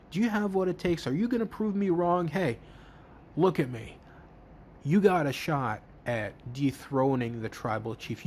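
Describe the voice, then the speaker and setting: A man's voice: darkish tone, slight background noise, natural voice. A man putting on a domineering wrestling boss. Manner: pushy, urging, raised pitch. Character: commanding adult male wrestling boss, domineering.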